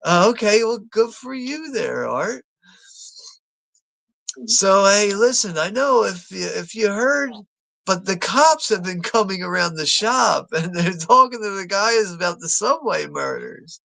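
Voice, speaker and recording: A man's voice: sits high, animated, a little slow, creaky, pushed and bright, voice pushed up, exaggerated voice. A man voicing an awkward, falsely friendly male coworker.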